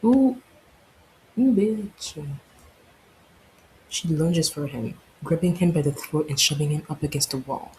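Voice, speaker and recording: A woman's voice: low-pitched, steady tone, brisk, few pauses, darkish tone, slight background noise, poor audio. A woman playing through a visual novel, reading it aloud and adding profane joking asides, with some stutters. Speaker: game streamer.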